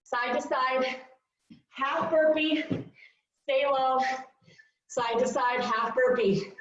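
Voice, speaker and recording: High-pitched fitness coach lady, out of breath, whooping thru countdowns, super echoey room, far off the mic. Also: slow. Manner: upbeat cueing with countdowns and whoops. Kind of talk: live workout instruction. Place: large fitness studio. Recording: echoey, distant, dull studio recording.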